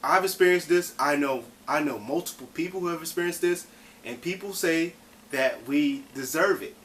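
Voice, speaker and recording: A man's voice: fairly high pitch, a bit bright, a little hiss or hum, poor audio. A man presenting a vlog, commenting in an indignant, impassioned way and swearing now and then. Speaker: vlogger.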